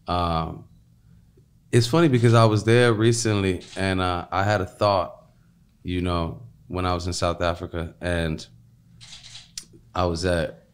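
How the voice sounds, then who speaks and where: A man's voice: deep voice, steady tone, measured pace, long pauses. A man talking as a podcast guest in a loose, rambling way, filling gaps with "you know what I mean". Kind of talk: casual interview talk.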